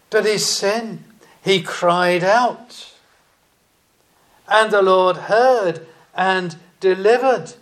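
Man, preacher, sermon, high-pitched, unhurried, emphatic. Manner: slow, deliberate preaching with emphatic rises.

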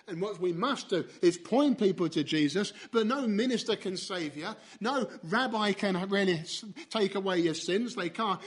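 A man preaching a sermon, earnest and full of questions to his listeners, moving between emphatic and hushed passages. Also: high voice. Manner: earnest, asks the hearers questions, swings between loud and soft.

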